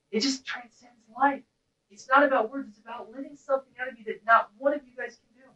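A woman's voice: high voice, a bit bright. A woman teaching a class in an intense, blunt way, breaking now and then into wordless vocal cries. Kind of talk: impassioned lecture to a class. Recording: roomy, distant, dull-sounding recording.

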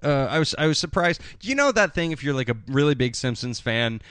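A man's voice: a little high, sing-song, fairly quick, fairly bright tone, clean tone, dry recording. A man co-hosting a casual film review podcast, rambling and swearing, acting out movie lines in silly voices. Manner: rambling, profane, acts out quotes in funny voices. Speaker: podcast co-host.

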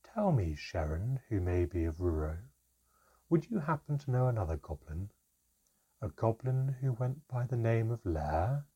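A man voicing a calm, gently ominous female elf in a small, soft voice while reading a storybook aloud. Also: lowish voice, moderate pace, breathy edge, lo-fi sound. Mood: ominously calm. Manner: calm, reasonable, quietly commanding.

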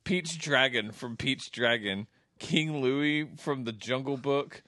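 A man's voice: medium pitch, slow, pushed and bright, dry recording, clean studio sound. A man hosting a casual chat with friends, reading out nominees and laughing mid-sentence. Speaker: host reading out award nominees.

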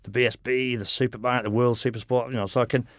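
Mid-range and quick, this middle-aged male racer talks with a flat delivery as a guest on a laid-back podcast interview. His stories wander, peppered with "you know" and plenty of frank cursing. Recording is dry and close, without echo.

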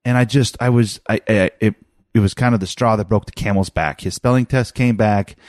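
A man's voice: on the low side, fairly quick, a little mellow, no room sound, studio quality. A man in his thirties chatting casually about his son, rambling with many restarts and fillers. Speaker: father telling a family story. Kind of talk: casual chat.

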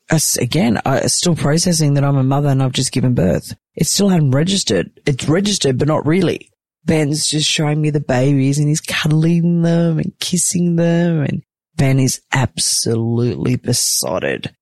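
Gravelly-voiced chatty woman, exhausted new mother. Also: low-pitched, unhurried, a little mellow, dry recording. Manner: chatty, exclamatory, frank. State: exhausted after giving birth. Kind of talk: candid personal vlog. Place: hospital room.

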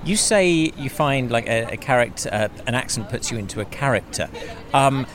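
A man's voice: medium pitch, lively intonation, normal speed. A man hosting an improv podcast, narrating and interviewing in a curious, lightly playful way. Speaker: podcast host.

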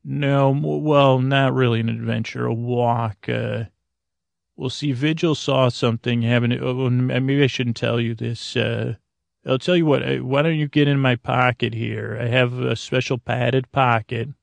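A man hosting a comedy podcast, improvising a comic scene in a halting way, full of fillers and restarts. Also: medium pitch, fairly even intonation, vocal fry, dry recording.

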